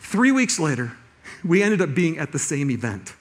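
Animated high-voiced male pastor preaching. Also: moderate pace. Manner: animated storytelling, restarts, laughs. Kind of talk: sermon.

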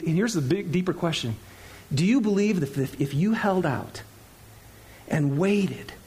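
High-voiced animated male pastor preaching. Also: slight background noise. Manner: conversational, animated, laughs often, acts out quotes. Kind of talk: sermon. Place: church sanctuary.

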